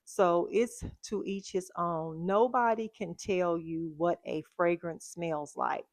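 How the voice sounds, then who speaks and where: Chatty woman, lowish voice. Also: takes it slowly, a little mellow, no room sound. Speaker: fragrance vlogger. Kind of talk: casual chat.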